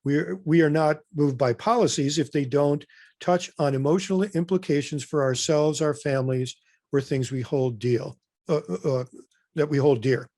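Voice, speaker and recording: A man leading a webinar in a relaxed, conversational way, stopping often for fillers and self-corrections. His voice sits a little high for a man. It comes through close and dry, with no room sound. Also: normal speed, dry recording. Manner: loose and conversational, with many fillers and restarts. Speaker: webinar presenter. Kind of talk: informal webinar presentation.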